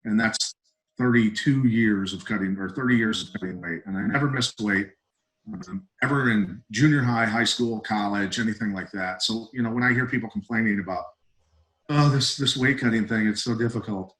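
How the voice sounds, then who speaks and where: A middle-aged man, a retired fighter, telling stories as a podcast guest in a blunt, emphatic, animated way. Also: on the low side, fairly quick, rough recording. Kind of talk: casual podcast storytelling.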